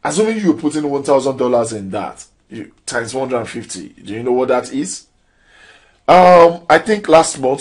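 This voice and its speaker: A man's voice: medium pitch, husky. A man giving a motivational trading lesson, preachy and full of rhetorical questions with rising emphasis. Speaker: crypto trading trainer. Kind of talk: motivational training talk.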